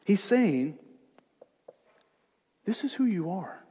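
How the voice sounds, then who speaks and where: A man with a high voice preaches a sermon to his congregation. He drops to soft, gentle reassurance, then rises to loud, emphatic exhortation. His voice rings in the long reverb of a church sanctuary. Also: sing-song, slow, husky. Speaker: pastor.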